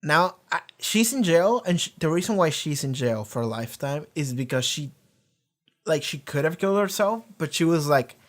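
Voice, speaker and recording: A man giving loose, unscripted reaction commentary on a TV episode, rambling with lots of fillers and the odd curse, often trailing off softer at the end of phrases. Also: on the high side, expressive, moderate pace. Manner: rambling, heavy use of "like", casual swearing. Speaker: TV series reaction streamer. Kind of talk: casual live reaction commentary.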